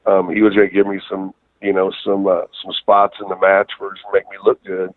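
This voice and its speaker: A man's voice: low-pitched, completely flat delivery, quick pace. A man, a guest wrestler, telling rambling, profane stories with many fillers in a casual interview, calling in by phone. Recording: tinny phone line.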